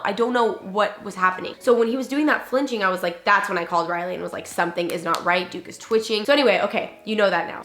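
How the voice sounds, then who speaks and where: Animated woman telling a story in an echoey room. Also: medium pitch. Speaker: vlogger. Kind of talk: casual storytime. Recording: roomy echo.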